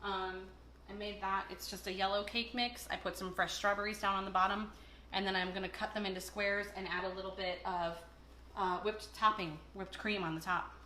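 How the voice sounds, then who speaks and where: A woman hosts a laid-back cooking video with a mid-range voice that is steady, brisk, bright and forceful, chatting, joking and storytelling as she cooks. A little hiss or hum sits under the audio. The camera across the kitchen captures its echo and the clatter of dishes and cutlery.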